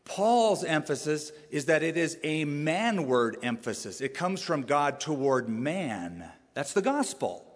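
A man preaching a sermon as pastor, animated, with rising emphasis and sudden drops to a quiet voice. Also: on the high side, measured pace, long reverb tail.

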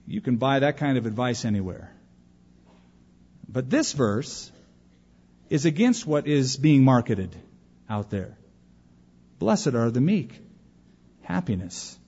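Husky animated man preaching in a hall. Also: medium pitch, a little slow, long pauses. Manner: animated storyteller who acts out quoted voices. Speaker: pastor. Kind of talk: sermon. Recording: dull recording with long hall reverb.

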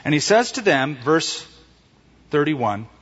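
Animated male pastor in a reverberant hall. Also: fairly high pitch, slow, breathy edge. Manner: animated storytelling, acting out quoted voices. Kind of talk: sermon. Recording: reverberant hall, dull lo-fi sound.

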